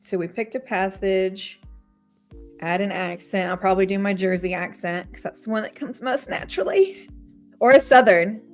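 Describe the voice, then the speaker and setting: A woman's voice: medium pitch, moderate pace, soft background music. A woman co-hosting a casual livestream chat, teasing and upbeat.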